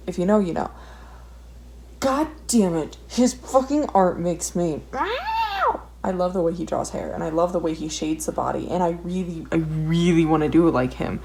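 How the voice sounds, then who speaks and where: A young woman, apparently an art vlogger, rants casually while she draws, rambling, swearing a lot and putting herself down. Her voice is fairly low, gravelly and warm, very animated at a moderate pace. Faint background noise sits under the recording.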